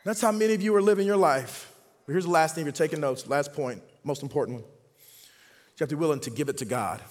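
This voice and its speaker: A man in his forties preaching a sermon in a casual, repetitive way, swinging between loud outbursts and quiet passages. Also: on the high side, fairly quick, long reverb tail. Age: 40s. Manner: conversational, repetitive, dynamic shifts from loud to quiet. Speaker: pastor. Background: faint band music.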